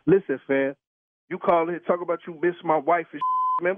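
A man's voice: a little high, fairly even intonation, moderate pace, no echo. A man taking a prank phone call, heated and swearing with incredulous laughs. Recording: tinny dry phone line.

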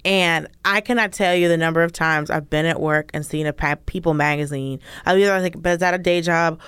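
A woman comedian chats as a guest, giggly and rambling with plenty of fillers. Her voice is smooth and clear. The sound is dry, with no room in it. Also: low voice, steady tone, fairly quick, a bit bright, no echo. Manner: chatty and giggly, full of fillers. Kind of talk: casual chat.

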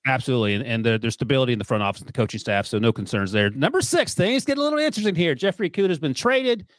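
A man's voice: mid-range voice, animated, racing, no room sound. A man hosting a casual sports talk show, joking and steering the conversation. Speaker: podcast host.

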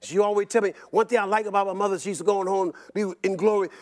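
Older male guest, high voice, rapid animated rambling storyteller. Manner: animated and rambling, repeats words, laughs often. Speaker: interview guest. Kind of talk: personal storytelling in an interview.

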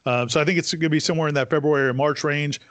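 A man's voice: on the high side, steady tone, rapid-fire, fairly bright tone, dry recording. A man co-hosting a sports talk show, giving blunt, rambling analysis with frequent restarts.

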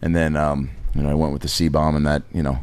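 A comedian hosting a podcast, telling loose, profane stories with a lot of laughter in casual chat. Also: male voice, a bass voice, level tone, quick pace, darkish tone, clear, resonant tone.

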